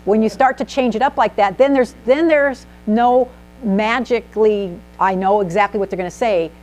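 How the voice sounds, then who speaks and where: A woman giving an animated, emphatic presentation to a small group in a meeting room, asking the audience questions as she teaches. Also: medium pitch, normal speed, low-quality recording. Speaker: speaker at a speaking club. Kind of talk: instructive presentation.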